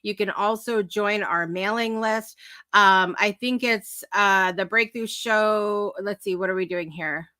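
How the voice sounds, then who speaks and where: Bubbly and emotional, a female morning-show host chats casually on a live stream, wandering from point to point with lots of fillers and asides and laughing often. Her mid-range voice is bright and forward, captured in a close, dry recording without any echo.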